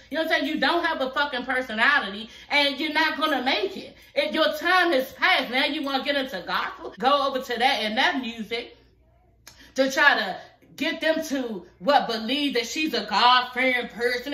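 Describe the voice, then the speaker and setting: This clip has a fired-up, foul-mouthed, sassy rant about a reality show from a thirtysomething woman who reviews reality TV on her own channel. She speaks high and bright with real force, in a reverberant space. She's reacting from home at night.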